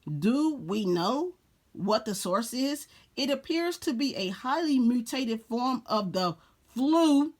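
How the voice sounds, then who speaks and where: A woman reads a story aloud, taking her time. She keeps stopping to add her own comments, in the relaxed way of an online preacher. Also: on the high side, slow pace. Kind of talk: casual story reading with commentary.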